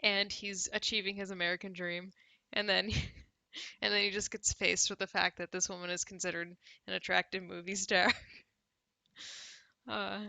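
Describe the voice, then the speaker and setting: Sarcastic Canadian woman, bright dry voice. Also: medium pitch, flat delivery, normal speed, gravelly, no room sound, rough recording. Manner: sarcastic, laughs often, drinks cider on stream. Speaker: livestream host. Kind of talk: casual livestream commentary, reading news aloud.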